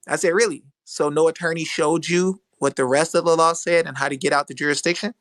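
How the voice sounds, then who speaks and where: A man's voice: on the high side, fairly even intonation, fairly quick, few pauses, fairly bright tone, a little hiss or hum. A man who hosts legal webinars, telling a story on a live audio chat and acting out the dialogue. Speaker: host of a legal webinar group. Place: live online audio room.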